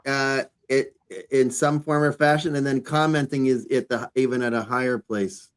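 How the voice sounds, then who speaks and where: A man's voice: medium pitch, steady tone, normal speed, smooth. A man hosting an interview, who restates and summarizes his guest's points in a casual way. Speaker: interview host.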